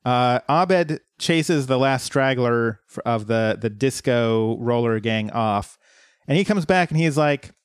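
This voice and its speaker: A man recaps a show episode on a podcast in an easy, conversational way. His voice sits in a middling range and sounds close and dry, with no room echo. He tells the story at a steady, laid-back pace. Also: mid-range voice, takes it slowly, smooth. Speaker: podcast co-host. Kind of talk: casual episode recap chat.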